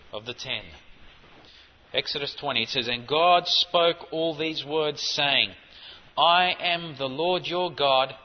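A man preaching a sermon, teaching in an emphatic way and rising to forceful stresses. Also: a little high. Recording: dull audio with long hall reverb.

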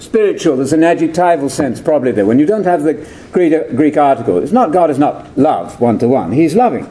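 A man's voice: on the high side, big pitch swings, fairly quick, hardly any pauses, warm tone, a little hiss or hum. An older man giving a theological lecture, digressive and full of rhetorical questions.

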